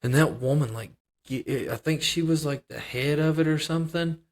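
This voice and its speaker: A man's voice: on the high side, normal speed. A man co-hosting a casual podcast chat, rambling and hedging with many restarts. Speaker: podcast co-host.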